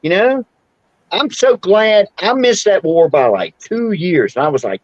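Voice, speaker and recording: A man's voice: high-pitched, expressive, measured pace, no room sound, lo-fi sound. A man in his sixties, hosting a casual chat and telling rambling stories with frequent laughs. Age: 60s. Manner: rambling storyteller, laughs often. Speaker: podcast host.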